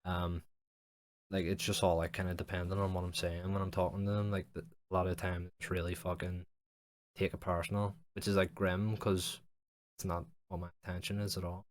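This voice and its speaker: A man's voice: low-pitched, flat delivery, fairly quick, no room sound. A young man hosting a solo podcast, rambling frankly and reflectively about his feelings, with constant swearing and fillers. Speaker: podcast host. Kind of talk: casual solo podcast monologue.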